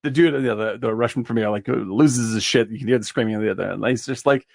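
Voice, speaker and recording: A man co-hosting a casual film podcast, excited, swearing freely and laughing often. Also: medium pitch, fast talker, vocal fry, no room sound, clean studio sound. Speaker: podcast co-host.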